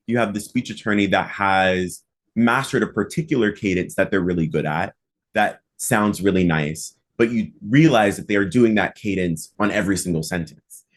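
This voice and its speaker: A man hosting a podcast in casual conversation, his voice sitting a little low. He talks in a loose, chatty way, filling his sentences with "like" and punching key words with animated emphasis. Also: normal speed. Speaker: podcast host and mock trial coach.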